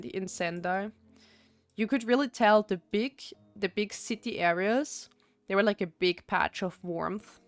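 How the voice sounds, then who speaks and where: A young Austrian woman chats casually while streaming a game, rambling with lots of fillers and restarts. Her voice sits at medium pitch, with no echo.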